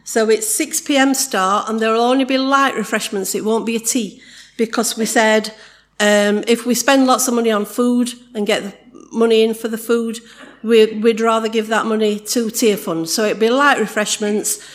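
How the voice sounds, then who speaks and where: Higher-voiced woman leading church. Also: fairly even intonation. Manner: chatty and warm, laughs easily, jokes with the congregation; slow and solemn in prayer. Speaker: church leader reading prayers and notices. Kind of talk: spoken prayer and church announcements.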